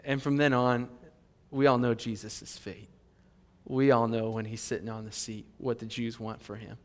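A male pastor preaching a sermon in an animated, emphatic way. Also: mid-range voice, moderate pace. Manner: animated, emphatic, with fillers and restarts. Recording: long hall reverb.

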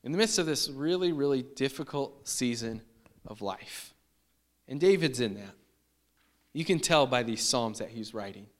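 A man's voice: medium pitch, expressive, normal speed. A man preaching a sermon in a conversational way, often repeating and restarting his phrases. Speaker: pastor.

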